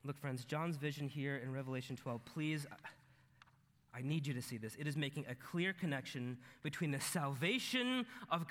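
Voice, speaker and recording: A man preaching a sermon, swinging between loud emphatic peaks and low, intense stretches. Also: moderate pace, big-room sound.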